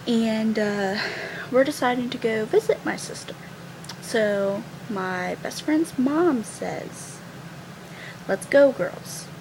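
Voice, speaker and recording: A woman's voice: a little high, background noise. A teenage girl vlogger telling a funny story in a casual, chatty way, giggling and using lots of fillers.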